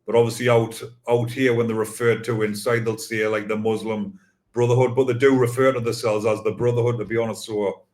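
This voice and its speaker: A man hosting a podcast, asking questions in a relaxed, plain-spoken way. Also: medium pitch, brisk. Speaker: podcast host. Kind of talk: casual podcast chat.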